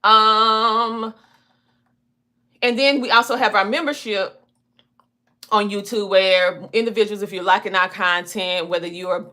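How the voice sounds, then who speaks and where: Southern woman, twangy accent, bright clear tone, chatty storytelling host. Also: mid-range voice, fairly even intonation, measured pace, long pauses. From small country town in the US South. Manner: chatty storytelling, down-home phrasing. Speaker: podcast host. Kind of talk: casual chat.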